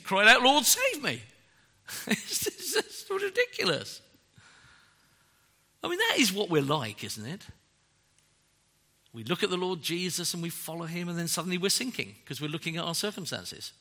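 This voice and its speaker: A man preaching a sermon, emphatic and animated, often tagging rhetorical questions onto his points. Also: on the high side. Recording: long hall reverb.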